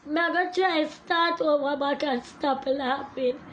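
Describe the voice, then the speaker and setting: A woman's voice: high voice, measured pace, fairly bright tone, rough recording. A woman chatting on a live stream from her phone, distracted and laughing at herself. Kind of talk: casual live stream chat.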